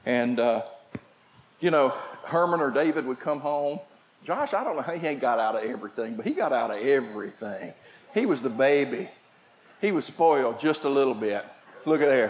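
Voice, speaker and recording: An older man preaching a sermon, telling family stories and shifting from shouts to quiet asides. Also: a little high. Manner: storytelling preacher, swings from shouting to hushed. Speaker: pastor.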